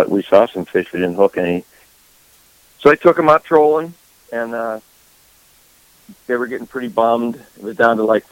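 Low-voiced man with a halting, repetitive start. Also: vocal fry, dry recording, low-quality recording. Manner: halting, repeats words before getting going. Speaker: podcast co-host. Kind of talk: casual storytelling chat.

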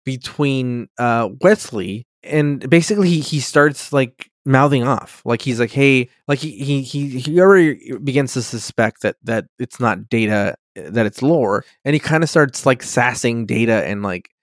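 A man's voice: medium pitch, normal speed, few pauses, no echo, clean studio sound. A man chatting casually as a podcast co-host, swearing a lot and acting out the characters' lines as he recaps a TV episode. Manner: profane, animated, acts out quotes.

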